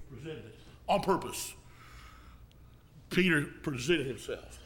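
A man preaching as an evangelist in a folksy style, now and then rising to a shout and coughing. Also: on the high side, very animated, moderate pace, pauses often. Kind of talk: sermon.

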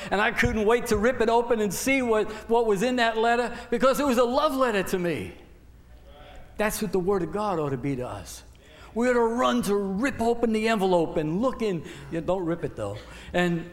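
Older New man preaching in a hall. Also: high-pitched. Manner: rambling, stammering restarts, humorous storytelling. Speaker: church speaker giving testimony. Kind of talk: folksy sermon testimony.

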